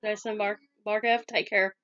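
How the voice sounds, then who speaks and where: A woman in her forties from Southwest Virginia with a Southern American accent, chatting quickly and laughing easily as she answers viewer questions in a casual vlog. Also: medium pitch, little pitch movement, fairly bright tone, muffled recording. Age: 40s. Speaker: YouTube scam-baiter answering viewer questions.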